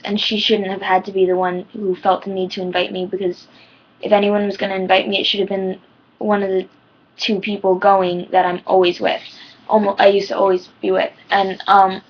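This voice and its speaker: Her voice trembling as if close to crying, a teenage girl offers personal advice in a vlog, rambling and heartfelt with many ums. She speaks at a medium pitch, and the sound is muffled.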